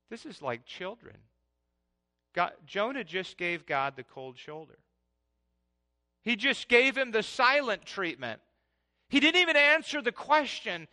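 A man preaching a sermon in an animated way, swinging between loud passages and hushed ones. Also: high-pitched, a little slow, long pauses.

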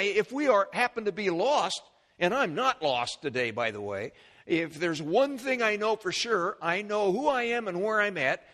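Animated and high-voiced, a male pastor preaches to his congregation. His delivery includes restarts, repeated words, and remarks aimed at the people listening.

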